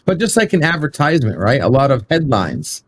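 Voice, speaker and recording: A man in a casual debate, arguing his view with quick apologetic asides. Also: medium pitch, big pitch swings, slight background noise.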